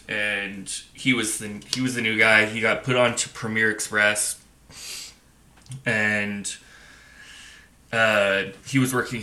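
A man's voice: lowish voice, sharp tone, roomy sound. A young man on a podcast, casually telling rambling, profane anecdotes and acting out the quotes. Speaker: podcast co-host. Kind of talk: casual storytelling chat.

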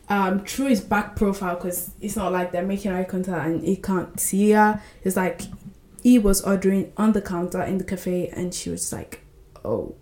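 A woman hosting a book podcast, retelling scenes with lively character voices in casual chat. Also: medium pitch, echoey room.

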